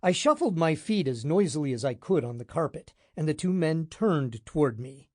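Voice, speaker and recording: A man narrating a hard-boiled detective audiobook in the first person, wry and deadpan. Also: a little high, normal speed, no echo, clean studio sound.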